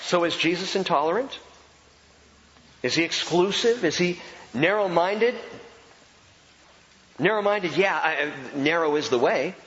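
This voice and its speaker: A man preaching a sermon as pastor, emphatic and animated, repeating key phrases for effect. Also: high-pitched, unhurried, pauses often, slight background noise. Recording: dull sound with long hall reverb.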